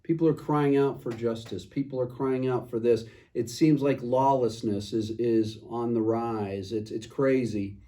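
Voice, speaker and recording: Male pastor, mid-pitched and mellow, earnest devotional delivery with emphatic scripture reading. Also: steady tone, measured pace, hardly any pauses, far from the mic. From United States. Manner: earnest, rising to emphatic reading of scripture then dropping soft. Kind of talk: short video devotional.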